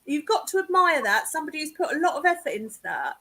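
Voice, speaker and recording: An English woman chats over a video call with a high, bright voice that leaps up and down. She teases and giggles through the conversation. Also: sing-song, quick pace. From England. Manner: chatty, giggly, teasing. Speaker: guest clairvoyant. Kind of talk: casual video chat.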